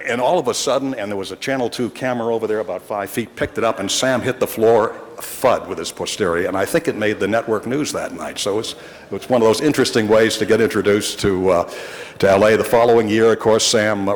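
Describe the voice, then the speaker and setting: Speaking briskly in a low-leaning voice, a sixty-something longtime reporter addresses a city council in a large hall. His anecdotes wander, carry a wry edge, and keep restarting.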